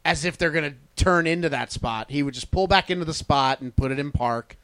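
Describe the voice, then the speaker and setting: A man co-hosting a podcast, telling animated stories in casual chat. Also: on the high side, a little fast, clean tone, no room sound. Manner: animated storyteller, stubborn bragging. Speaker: podcast co-host.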